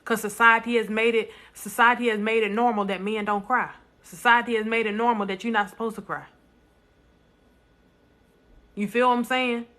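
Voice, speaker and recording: A woman's voice: a little high, fairly even intonation, a little fast, hardly any pauses, bright, forceful tone. A woman speaking bluntly and emphatically to viewers in a casual live stream, repeating lines for stress. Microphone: phone.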